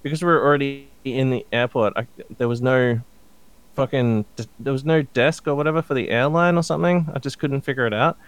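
A man with a smooth, clean voice recorded close and dry. He chats casually and rambles through his story, swearing freely. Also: medium pitch, fairly quick, no room sound. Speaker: podcast co-host. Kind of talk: casual chat.

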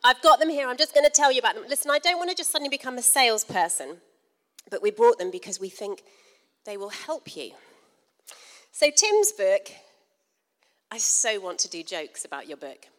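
A woman's voice: a little high, big pitch swings, moderate pace, pauses often, fairly bright tone. Chatty middle-aged woman in a big hall. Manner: chatty, self-deprecating, laughs often. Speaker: conference speaker. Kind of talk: humorous storytelling talk with faith encouragement.

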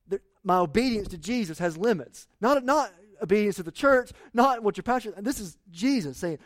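A man preaches a sermon in a high, light voice. He talks to the congregation conversationally, firing rhetorical questions and dropping from loud appeals to near-hushed asides. The sound is dry and close. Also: lively intonation, moderate pace, few pauses, no echo. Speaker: pastor.

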